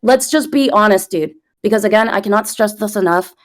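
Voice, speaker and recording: A content creator in her early thirties argues heatedly while being interviewed over a voice call, picked up by a computer mic. Her medium-pitched voice is brisk as she rambles, swears, and defends herself.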